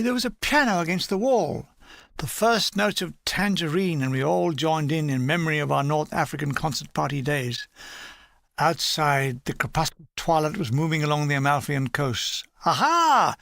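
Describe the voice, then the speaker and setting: A man's voice: fairly high pitch, normal speed, gravelly, a bit bright, no room sound. A man reading a humorous war memoir aloud in a dry, playful storytelling manner. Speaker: audiobook reader.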